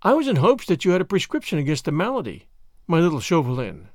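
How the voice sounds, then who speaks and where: A man's voice: a little high, huge pitch swings, fast talker, a little mellow, no room sound, clean studio sound. A man reading an audiobook, voicing a witty, bored young French noblewoman with a merry, teasing manner. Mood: arch, merry. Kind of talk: audiobook character voice.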